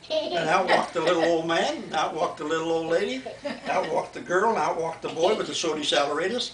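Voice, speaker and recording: A man's voice: on the high side, lively intonation, fairly quick, over a noisy crowd. An older man, a grandfather, telling a bedtime story indoors in a folksy, repetitive way. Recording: echoey room, distant mic, faint noise.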